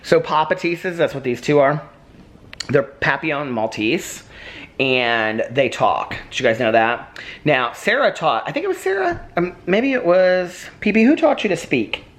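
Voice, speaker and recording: A man's voice: a little high, lively intonation, measured pace, fairly bright tone. A man chatting casually in a daily vlog at home, giggling often and cooing at his dogs. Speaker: vlogger.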